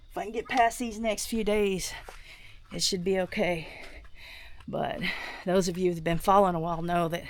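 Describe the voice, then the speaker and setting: A woman vlogging outdoors on her farm while doing chores, sick and a little out of breath, thinking out loud with many restarts. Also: fairly low pitch, slight background noise. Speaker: homestead vlogger.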